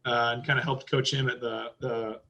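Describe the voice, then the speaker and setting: A man's voice: medium pitch, flat delivery, moderate pace, pushed and bright, poor audio. A man on a podcast as a guest, chatting casually in a rambling way, with lots of fillers and loose swearing. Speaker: podcast guest, driving school owner.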